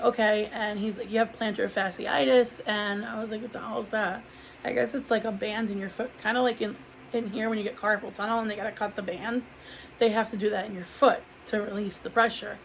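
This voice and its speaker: This woman's medium-pitched voice is steady and a little fast, with vocal fry, on a low-quality recording with slight background noise. She's a vlogger reviewing a product, rambling through a long personal story packed with "like" and acted-out dialogue from other people.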